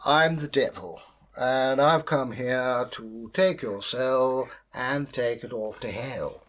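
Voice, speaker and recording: A man's voice: medium pitch, slow. A man doing a pompous, self-satisfied devil. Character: pompous male devil, sporting gentleman.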